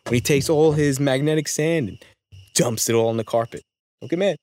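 Young male podcast co-host, rapid-fire and profane, with a mid-range voice. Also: medium pitch, slight background noise. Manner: rapid, profane, animated ranting. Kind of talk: casual comedic chat.

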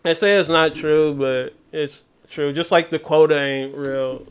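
Young man, casual slangy chat, storytelling, somewhat high voice, clear smooth tone. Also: steady tone, measured pace. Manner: laid-back storytelling, slangy.

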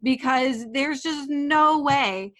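Incredulous woman in casual chat, higher voice. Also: slow pace, a bit bright. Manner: incredulous, emphatic, many "like" fillers. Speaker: podcast co-host.

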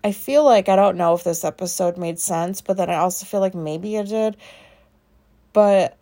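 A woman's voice: medium pitch, moderate pace, mellow. A woman hosting a casual solo podcast, talking in a rambling, self-questioning way and swearing freely as she thinks aloud. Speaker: podcast host.

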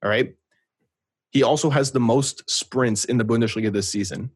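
Man, podcast co-host, casual football talk, husky, dry close sound. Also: medium pitch, moderate pace, no room sound. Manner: talkative, keeps asking "right?". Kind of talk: casual sports chat.

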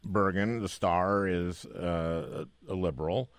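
A male interviewer talking in a halting way, often restarting his phrases. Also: low voice, smooth, no echo. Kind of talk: casual interview conversation.

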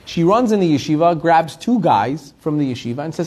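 A man with a slightly high voice tells a story in a weekly Torah class. He talks fast and animated, restarting phrases and repeating words as he goes. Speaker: Torah teacher.

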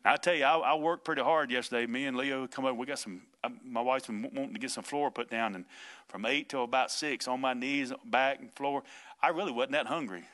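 A male pastor preaching in a loose, conversational style. His voice is bright and forward, and his delivery is folksy and emphatic. He chuckles between points. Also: medium pitch, a little fast. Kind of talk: informal preaching on a podcast.

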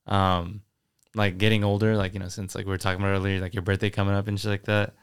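Fast-talking gravelly young man. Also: fairly low pitch, level tone. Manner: fast, rambling, full of filler likes and swearing. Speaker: podcast co-host. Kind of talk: casual chat.

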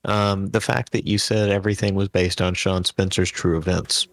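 A deep-voiced man with a gravelly edge chats casually, giving feedback on a friend's silly movie pitch with plenty of fillers. The recording is dry and close. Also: flat delivery, normal speed, no room sound. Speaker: podcast co-host. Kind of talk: casual comedic chat.

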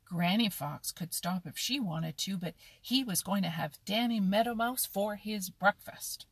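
A woman reading a children's animal story aloud, slowly and expressively. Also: mid-range voice, slightly rough, no room sound. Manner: expressive, slow, lively storytelling. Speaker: narrator.

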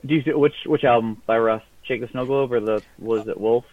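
A man in casual chat, curious and quick to ask questions, heard from a distance. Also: medium pitch, no echo. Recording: tinny phone-like line, far from mic.

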